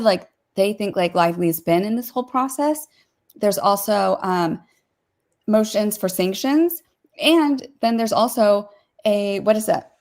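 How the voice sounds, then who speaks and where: A woman giving her opinions in a casual commentary chat, peppering her talk with "like" and quick asides. Her voice sits at an ordinary middle pitch for a woman. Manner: opinionated, heavy use of "like", rapid asides.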